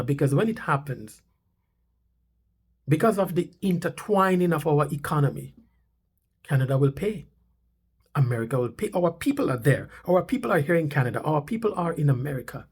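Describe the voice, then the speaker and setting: A man's voice: on the high side, a little mellow, breathy edge. A man hosting a commentary channel, talking insistently and repeating his points with rising emphasis. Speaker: channel host. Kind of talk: commentary on news clips. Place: Canada.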